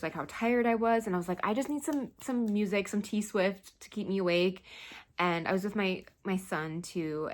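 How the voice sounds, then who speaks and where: A young woman chatting casually about books on her channel, talking in an animated way and laughing often. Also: lowish voice. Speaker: book vlogger. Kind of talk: casual chat.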